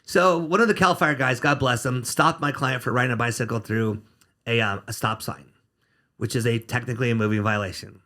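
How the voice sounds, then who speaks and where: A criminal defense attorney guests on a casual podcast interview, speaking bluntly and sarcastically and cursing freely. His medium-pitched voice is fairly quick, pushed, and bright.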